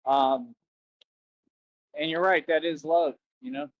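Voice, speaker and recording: A man with a fairly high, steady voice speaks slowly on a lo-fi, echo-free livestream from outside near a road. Chatting casually with viewers and asking for donations, he rambles, repeats himself and keeps saying "that's right."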